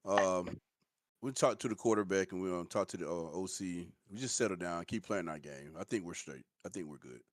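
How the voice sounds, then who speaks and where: A man answering as a coach in a halting, laid-back way. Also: low-pitched, no room sound. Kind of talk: casual chat.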